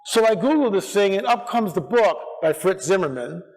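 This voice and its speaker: A man giving an animated, storytelling talk at a church conference, acting out quotes as he goes. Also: high voice, normal speed. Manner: animated, acts out quotes, restarts often. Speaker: conference speaker. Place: church sanctuary. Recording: echoey church hall.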